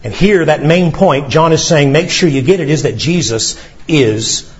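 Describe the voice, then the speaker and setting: A man preaching a sermon as pastor, reading scripture with emphatic pauses and a lively delivery. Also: fairly high pitch, dull audio.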